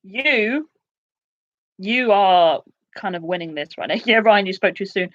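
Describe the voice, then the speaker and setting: A woman in her twenties hosting a casual live quiz, chatty and excitable, with quick asides. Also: fairly low pitch, lo-fi sound. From United Kingdom. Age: 20s. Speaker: quiz host.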